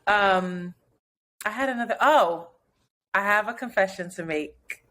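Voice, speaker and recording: A New York woman co-hosts a podcast, chatting casually in a bright, forceful voice of medium pitch at a measured pace. She laughs often and acts out voices when she tells a story.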